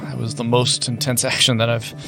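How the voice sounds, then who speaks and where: A dazed, wounded ship captain in a tabletop game, hesitant and apologetic, stumbling over his words, as a game master puts him on. A plain, even male voice. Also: medium pitch, fairly quick, vocal fry, over music, lightly acted. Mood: shaken.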